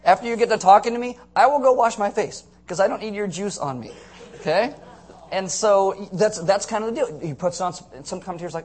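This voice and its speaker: Animated male preacher, slightly high voice. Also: fairly quick. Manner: animated, acts out characters with comic voices. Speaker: pastor. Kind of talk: sermon.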